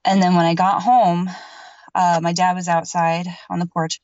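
A woman's voice: lowish voice, little pitch movement, normal speed, darkish tone, no echo. Rambling woman, dull dry recording. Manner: rambling and emphatic, heavy on filler words, swears freely. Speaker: podcast guest telling a paranormal story. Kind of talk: casual storytelling in an interview.

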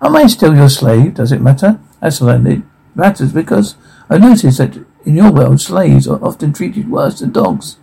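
A man reading the lines of a thoughtful captive monk in a flat, plain way. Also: fairly high pitch, normal speed, gravelly, husky, full character voice, poor audio. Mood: earnest.

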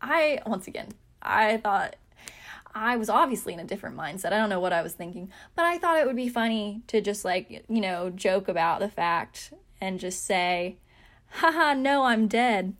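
A woman's voice: medium pitch, animated, normal speed, a bit bright. Chatty young woman telling a story. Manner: chatty, many fillers, self-mocking. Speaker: podcast host. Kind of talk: casual storytelling.

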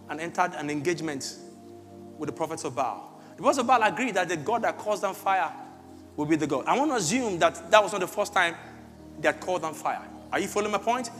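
A man preaching a sermon as pastor, swinging between loud shouts and quiet asides. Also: sits high. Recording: echoey hall with faint music.

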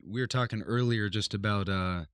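Man, podcast guest, easygoing, low voice, dry sound. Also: normal speed, fairly bright tone, clear, resonant tone, no echo. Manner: easygoing, brief remarks. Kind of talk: casual podcast interview. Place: sitting on couches indoors. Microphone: microphone held close on mini tripod.

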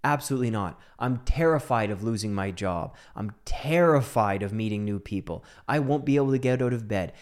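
A man's voice: fairly low pitch, lively intonation, a little fast, few pauses. Dramatic storytelling man, whispers and bursts. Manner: dramatic, swings between hushed whispers and emphatic bursts. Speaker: speaker on mental health. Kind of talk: personal storytelling talk. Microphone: microphone.

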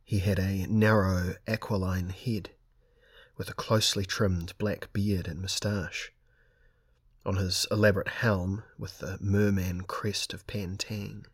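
A man reading a fantasy novel aloud as audiobook narrator, measured and steady. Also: deep voice, husky, dry recording, clean studio sound. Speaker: audiobook reader. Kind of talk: scripted narration.

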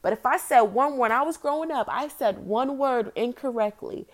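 A woman's voice: high voice, normal speed. Blunt, exasperated woman ranting to camera. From United States. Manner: blunt and exasperated, with rhetorical questions. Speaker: vlogger. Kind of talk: opinion rant to camera.

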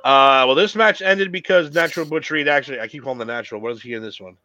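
A man's voice: medium pitch, fast talker, bright, forceful tone, dry recording. Laid-back man, dull dry sound. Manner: laid-back, rambling, swears freely. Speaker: podcast co-host. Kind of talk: casual wrestling chat.

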